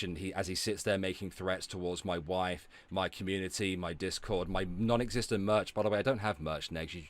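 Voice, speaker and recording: A man streaming live, ranting with heavy swearing and sarcasm and stopping to thank viewers for donations. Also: deep voice. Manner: profane, sarcastic, loud outbursts. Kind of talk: ranting livestream chat.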